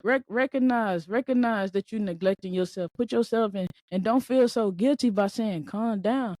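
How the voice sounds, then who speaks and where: A woman hosting a podcast as a mindset speaker, talking in a blunt, colloquial, animated way with frequent repeats and the odd swear word. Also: medium pitch, normal speed, no room sound. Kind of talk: casual motivational monologue. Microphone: podcast microphone.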